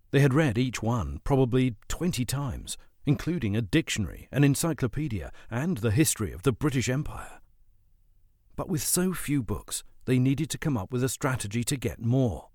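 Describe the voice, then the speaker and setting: A man narrating a children's adventure story as an audiobook, with expressive storytelling. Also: medium pitch, no room sound, clean studio sound.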